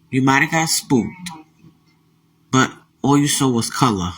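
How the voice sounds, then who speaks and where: A man's voice: mid-range voice, normal speed, pauses often, a bit bright, low-quality recording. A man giving a casual reaction rant online, blunt, mocking and dismissive. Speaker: social media commentator.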